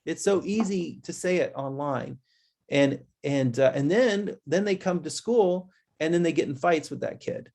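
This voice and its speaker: A man with vocal fry and a darkish tone presents a webinar, calling his listeners guys. He's conversational and restless, and his pitch jumps quickly whenever he imitates kids.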